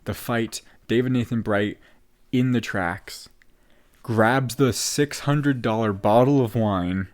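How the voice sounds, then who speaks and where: A man's voice: medium pitch, slow pace. A man co-hosting a casual theatre podcast, retelling a play scene by scene and quoting its lines with the odd laugh. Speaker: podcast co-host. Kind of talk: casual chat recapping a play.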